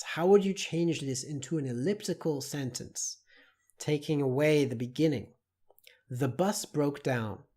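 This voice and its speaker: A man teaching an online English lesson, explaining slowly and deliberately with many spoken examples. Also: fairly high pitch, a little mellow.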